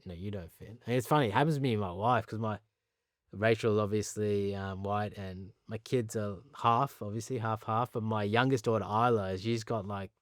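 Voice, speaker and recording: A man in his thirties with an Australian accent, a guest telling relaxed stories with frequent laughs. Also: lowish voice, no echo, studio quality. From Pakistan. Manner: relaxed anecdotes, laughs often, restarts. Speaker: interview guest, cricketer. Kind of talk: casual storytelling.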